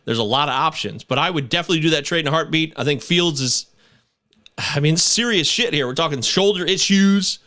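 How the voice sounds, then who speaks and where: A man in his thirties hosting a casual sports podcast, animated and swearing, breaking into shouts and chants. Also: a little high, brisk. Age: 30s. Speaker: podcast host.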